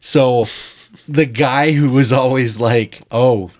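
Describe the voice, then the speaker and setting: Male screenwriter, lower register, casual podcast storyteller, profane and candid, acts out quotes. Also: normal speed. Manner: storytelling, acting out quoted dialogue.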